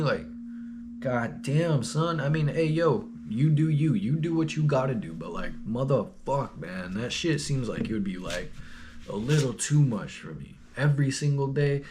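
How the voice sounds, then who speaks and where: A man's voice: medium pitch, lively intonation, moderate pace, darkish tone, a little hiss or hum. A young man tells a story casually, his speech full of slang and swearing. He rambles along at an easy pace in a middle-range voice. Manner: slangy, profane, rambling, laid-back. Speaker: vlogger.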